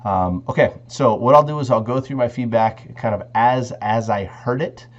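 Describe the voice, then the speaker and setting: A man's voice: medium pitch, moderate pace, lo-fi sound. A man with a sick, congested voice giving loose, conversational spoken feedback to his students as their instructor. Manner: loose and conversational, restarts phrases.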